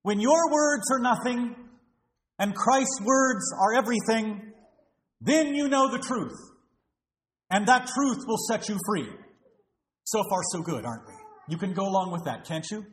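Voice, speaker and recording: A man's voice: high-pitched, animated, measured pace, fairly bright tone. A man preaching a sermon as pastor, emphatic and full of rhetorical questions to the congregation, recorded in a church. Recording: roomy echo.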